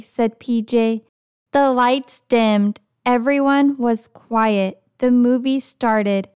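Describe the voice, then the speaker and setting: A woman's voice: fairly high pitch, takes it slowly, a little mellow, clear, resonant tone, no echo, studio quality. A young adult woman reading a children's book aloud in a friendly storytelling manner. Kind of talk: children's read-aloud narration.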